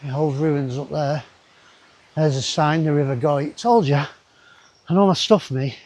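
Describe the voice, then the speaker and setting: There's no echo as a travel vlogger, his voice fairly high, unhurried, and a little mellow, walks through a river gorge talking casually to his camera. He rambles and keeps making asides to himself.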